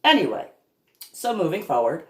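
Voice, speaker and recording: A woman speaking in an unscripted monologue about her own experiences as a parent, slow and emphatic with deliberate pauses. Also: on the low side, very animated, roomy sound. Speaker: parent telling her story.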